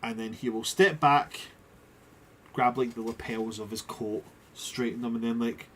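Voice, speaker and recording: A man's voice: mid-range voice, fairly even intonation, measured pace, a little hiss or hum. A man running a tabletop game as game master, rambling and self-mocking, full of restarts.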